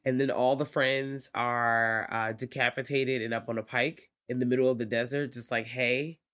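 A podcast co-host chatting casually about found footage films, swearing freely and leaping higher when acting out reactions. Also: normal speed. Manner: animated, profane, leaps high when acting out reactions. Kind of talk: casual film review chat.

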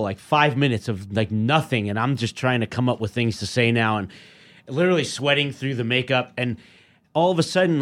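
A middle-aged man, a podcast guest, telling a story in casual chat and acting out the voices of the people in it. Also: mid-range voice. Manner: animated storyteller, acts out quoted voices.

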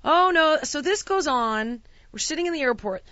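A woman's voice: high-pitched, lively intonation, normal speed, dry recording, lo-fi sound. A woman in casual chat, telling a long travel story and acting out the quotes with exasperated outbursts. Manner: acts out quotes, shouting in exasperation.

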